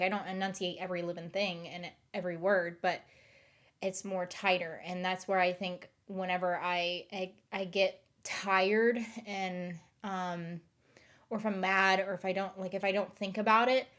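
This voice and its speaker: A woman's voice: fairly low pitch, steady tone, normal speed, fairly bright tone. A young woman with a lightly covered-up Southern US accent, rambling casually in livestream chat with lots of fillers and restarts.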